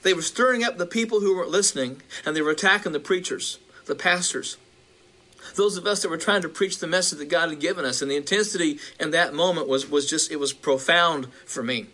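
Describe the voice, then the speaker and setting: A male preacher recounting a vision, halting with restarts and building in intensity. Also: on the high side, pushed and bright.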